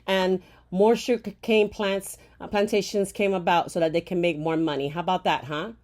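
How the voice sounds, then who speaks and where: Speaking at a moderate pace with a steady tone, a Puerto Rican woman delivers an angry, profane rant to camera as a commentator. Her rhetorical questions end in "okay?", and she shifts between loud bursts and low, bitter murmurs.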